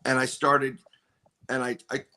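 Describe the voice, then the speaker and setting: A man's voice: mid-range voice, completely flat delivery, unhurried, pushed and bright, a little hiss or hum. A man telling a long story on a podcast, rambling with many restarts and quoting other people as he goes. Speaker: podcast guest. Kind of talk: casual storytelling chat.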